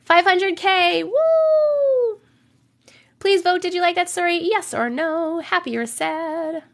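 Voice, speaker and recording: A young woman hosting a livestream, reading viewers' stories aloud and chatting casually, her voice a bit rough from a cold, humming filler syllables while she waits. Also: very high voice, expressive, takes it slowly. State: voice rough from getting over a cold.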